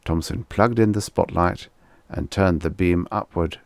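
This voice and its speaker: A man with a croaky, wheezy voice narrating a vintage short story in measured storytelling. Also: low-pitched, no room sound. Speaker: audiobook narrator.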